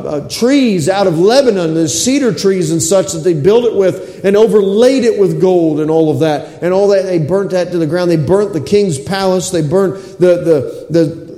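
A man preaching a sermon with passion, repeating phrases and sinking to a low hush at times. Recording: echoey hall with long reverb.

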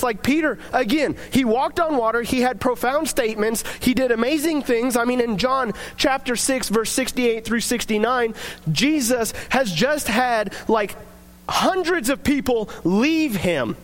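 A man's voice: extremely high pitch, measured pace. A young man giving a casual devotional talk, telling stories in a chatty way with many fillers. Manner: chatty, filler-heavy storytelling. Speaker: devotional speaker.

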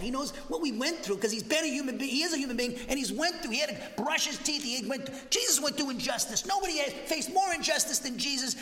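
A male pastor from New teaching a Bible lesson, animated and conversational, with jokey asides and frequent "okay?". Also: very high-pitched. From Massachusetts, USA. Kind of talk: expository Bible teaching sermon. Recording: roomy hall reverb.

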